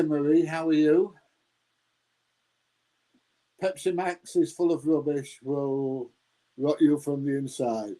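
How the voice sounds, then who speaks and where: A man's voice: a little high, warm tone, low-quality recording. A man, rambling casually as he answers his viewers' live chat and calling them mate. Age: 60s. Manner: rambling, chatty, laughs often, says mate.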